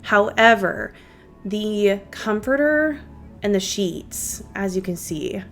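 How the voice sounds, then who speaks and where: A woman's voice: medium pitch, lively intonation, slow pace, faint music behind. A young woman vlogger chatting casually to her viewers while doing her makeup at home. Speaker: beauty vlogger. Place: home guest room used as office.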